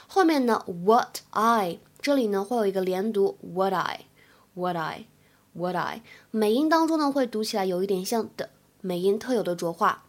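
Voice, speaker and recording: A young woman, an English teacher, explaining phrases patiently and drilling them slowly in a spoken lesson. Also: medium pitch.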